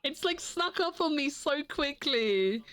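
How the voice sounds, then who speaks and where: A woman winding down a live stream, sleepy and yawning, her fairly high voice bouncing around a lot. She chats loosely, laughs often and keeps restarting her sentences. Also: animated, slow, fairly bright tone. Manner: giggly, rambling with frequent restarts. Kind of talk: casual stream chat.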